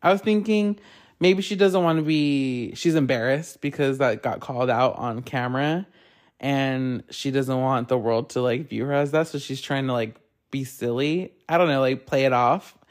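A man hosting a podcast, chatting casually and gossiping in a rambling, animated way, swearing often and filling his talk with "like.". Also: mid-range voice, moderate pace. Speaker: podcast host.

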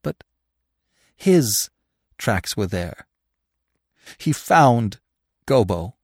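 A woman's voice: very deep voice, big pitch swings, extremely slow, a little mellow, husky, no room sound, clean studio sound, heavily acted. A man voicing an exhausted mother deer who is weeping for her lost fawn. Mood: despairing.

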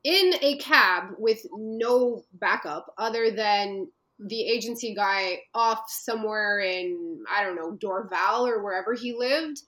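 A woman from Canada telling a personal story as an interview guest, earnest and halting, with many fillers and restarts. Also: medium pitch, pushed and bright, rough recording.

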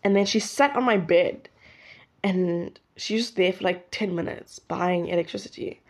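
A woman's voice: lowish voice, normal speed. A young woman, hosting a podcast and rambling through a story with lots of fillers and restarts. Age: late teens. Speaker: podcast host. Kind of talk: casual storytelling monologue. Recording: slightly dull lo-fi audio.

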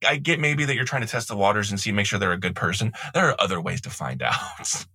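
A man's voice: fairly low pitch, expressive, quick pace, bright, forceful tone, slightly rough, no echo. A man co-hosting a podcast, talking frankly in casual chat. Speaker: podcast co-host.

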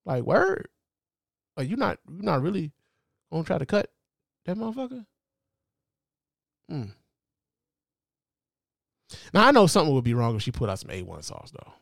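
A man in his forties hosting a show, giving animated, joking commentary full of profanity. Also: a little high, normal speed, vocal fry, long pauses, no room sound, clean studio sound. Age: 40s. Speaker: host. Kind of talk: casual commentary.

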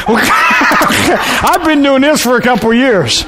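A middle-aged man preaching, telling a comic personal story in an animated, folksy way. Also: very high voice, slow pace, very noisy. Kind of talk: humorous sermon storytelling.

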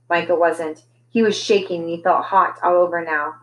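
A woman teacher reading a children's novel aloud in a gentle storytelling manner, giving the characters' lines their own voices. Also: on the low side, fairly even intonation, moderate pace, few pauses, rough recording.

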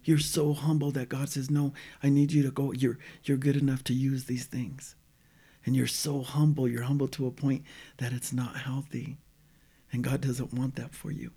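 A man's voice: medium pitch, normal speed, husky. A man in casual conversation, telling a personal faith story and acting out the dialogue, sometimes dropping to a near whisper. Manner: animated retelling, quoting dialogue, drops to near-whisper at times. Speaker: guest telling a testimony.

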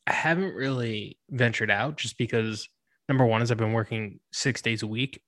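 A man's voice: mid-range voice, moderate pace, a bit bright, no room sound. A young man from New York, chatting casually as a podcast co-host, laid-back and wry with frequent swearing. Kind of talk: casual chat.

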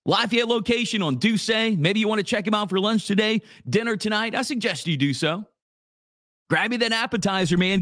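A high, fairly bright voice belongs to this Louisiana man hosting a live morning show on the radio from a small office studio. Easygoing and talkative, he peppers his casual talk with "dude" and reads sponsor plugs; the recording is dry.

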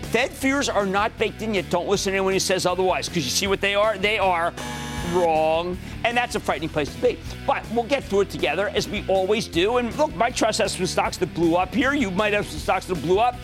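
A man in his sixties with a Pennsylvania accent hosts a market call-in show, emphatic and prone to sudden shouts. His voice sits high and leaps all over the place. Faint music runs underneath. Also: brisk. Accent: Philadelphia-area American. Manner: excitable, shouting bursts, emphatic. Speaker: TV finance show host. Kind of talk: energetic market commentary and call-in.

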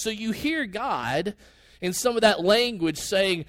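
Male pastor preaching, high voice, earnest conversational delivery, dry close sound. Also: sing-song, takes it slowly, a bit bright, dry recording. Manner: earnest, conversational preaching with sudden rises in pitch and pace. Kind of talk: sermon.

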